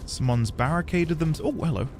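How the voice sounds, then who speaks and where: A man streaming a video game live, chatting casually with his viewers, animated and quick to laugh at himself. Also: a little high, faint music behind. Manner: animated, laughs often, self-deprecating asides to chat. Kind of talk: casual live gaming commentary.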